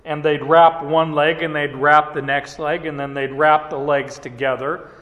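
A man teaching from the Bible in a relaxed, conversational way, often chuckling between points. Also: on the high side, a little slow. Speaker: preacher. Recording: echoey hall reverb.

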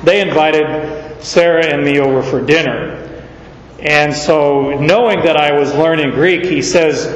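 In a steady voice on the high side, a middle-aged man from Arizona, USA preaches a sermon, telling stories slowly before rising sharply on key words. He's in a large hall or church, and the recording sounds muffled and echoey.

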